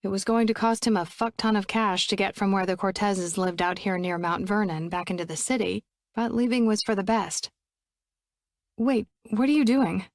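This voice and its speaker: A woman narrating a romance audiobook in a steady, even storytelling voice on a close studio mic. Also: mid-range voice, a little fast.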